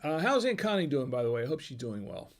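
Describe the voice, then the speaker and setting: A man's voice: fairly high pitch, big pitch swings, fast talker. A man hosting a casual livestream while drinking wine, tipsy, rambling as he reads the chat aloud and chuckling often. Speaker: livestream host. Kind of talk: casual live-stream chat.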